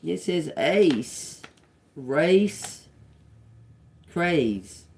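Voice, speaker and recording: Slow, musing woman reading tarot. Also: low voice, lively intonation, darkish tone, a little hiss or hum. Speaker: tarot reader. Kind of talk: live-streamed tarot reading.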